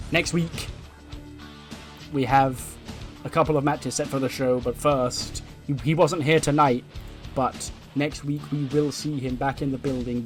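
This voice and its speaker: A man's voice: medium pitch, a little mellow. A man hosting a let's play, narrating a wrestling simulation game in a casual, chatty way and recapping the storylines.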